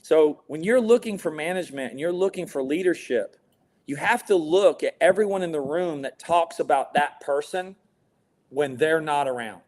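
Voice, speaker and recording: A man's voice: fairly high pitch, moderate pace, a little mellow. A man talking as a podcast guest about his business, blunt and emphatic, swearing freely. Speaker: guest, window tint business owner. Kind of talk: casual podcast interview.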